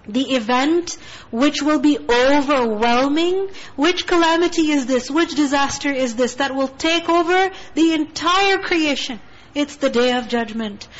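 A woman giving a Quran tafsir lesson, earnest and full of rhetorical questions, reciting Arabic verses quickly between her explanations. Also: high voice, muffled recording. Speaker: Quran teacher.

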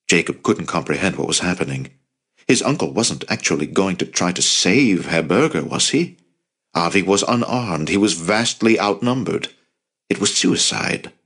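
A man narrating an audiobook in a steady, measured reading voice. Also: low-pitched. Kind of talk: scripted narration.

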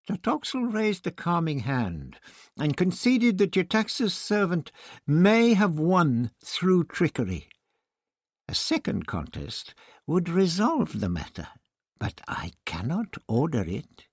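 A man narrates a story in a slow, measured manner. His voice is husky and moves expressively across its range. The recording is close and dry. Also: on the high side, huge pitch swings, no room sound. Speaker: audiobook narrator. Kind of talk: scripted narration.

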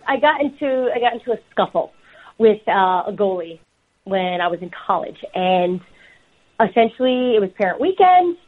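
A woman guest chatting casually on a podcast, laughing often and telling lively stories. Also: mid-range voice, normal speed. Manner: laughing, animated storyteller. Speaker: podcast guest, football reporter. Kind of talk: casual chat. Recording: dull lo-fi sound.

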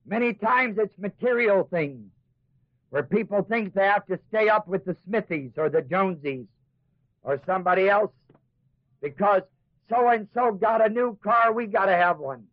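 A man with a high, lively voice teaches a Bible class at a moderate pace, sermon style, imitating doubters in asides and then building his points with rising emphasis. It's a tinny, dry, lo-fi old tape recording without room sound.

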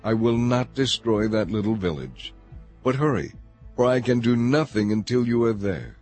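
A man's voice: medium pitch, expressive, moderate pace, a little mellow, soft background music, natural voice. A man reading the commands of heavenly messengers in an urgent, firm tone.

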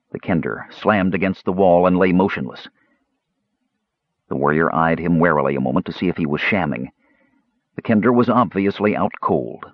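Husky, low-voiced male audiobook narrator. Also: no echo. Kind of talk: scripted fantasy narration. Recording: dull lo-fi dry audio.

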